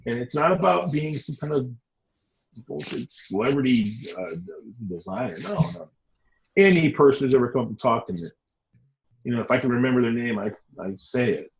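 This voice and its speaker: A middle-aged man, a designer as interview guest, talking in an animated, rambling, emphatic way. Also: mid-range voice, normal speed, creaky, low-quality recording. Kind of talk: casual interview talk.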